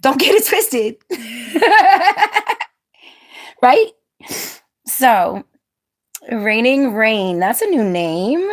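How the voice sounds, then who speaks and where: A woman hosts a casual livestream, reading viewer comments in a loose, chatty manner with frequent laughter, though she gets firm when a commenter turns rude. Her fairly high voice is very animated, yet she speaks extremely slowly with long pauses.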